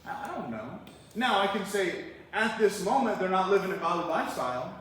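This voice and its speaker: A pastor with a high, sing-song, fairly bright voice preaches a verse-by-verse sermon at a brisk clip. He speaks conversationally and poses rhetorical questions to the congregation, recorded in an echoey hall with the mic far off.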